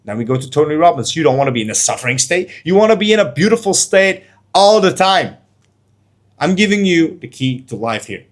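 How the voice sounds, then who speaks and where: A man's voice: a little high, big pitch swings, brisk. Intense, preachy male motivational coach. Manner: intense, preachy, blunt with casual slang and swearing. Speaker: life and trading coach. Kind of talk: motivational monologue to camera.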